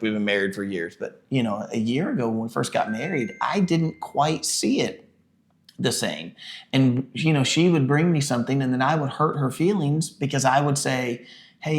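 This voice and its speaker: Gravelly-voiced chatty man. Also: medium pitch. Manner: chatty, self-deprecating, acts out quotes. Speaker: podcast co-host, pastor. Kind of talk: casual conversation.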